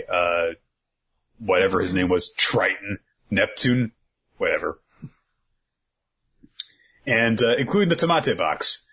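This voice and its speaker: A man's voice: fairly low pitch, fairly bright tone, poor audio. A man co-hosting a podcast, casually recapping an episode in a rambling way, with lots of fillers and freely dropped swear words. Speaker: podcast co-host.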